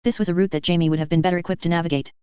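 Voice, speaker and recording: A woman reading a first-person audiobook narration at an even, measured pace. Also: on the low side, clear, resonant tone, dry recording, highs cut off.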